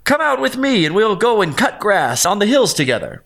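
Man putting on a kind old rabbit, high voice, cheerful, coaxing, storybook. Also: very animated, normal speed, gravelly, fairly bright tone, heavily acted. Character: kind good-hearted old male rabbit.

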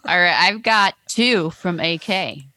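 A woman's voice: fairly low pitch, slow pace, bright, forceful tone, no room sound. A woman co-hosting a podcast, reading listener messages aloud in a dry, teasing way. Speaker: podcast co-host.

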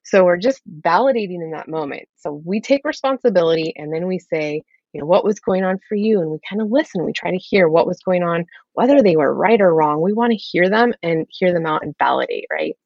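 A woman working as a parenting coach, explaining her method in a steady, instructive way. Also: fairly low pitch, a little fast, creaky, few pauses, no room sound. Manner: steady, instructive, lays out steps. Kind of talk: explaining in an interview. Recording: slightly dull lo-fi audio.

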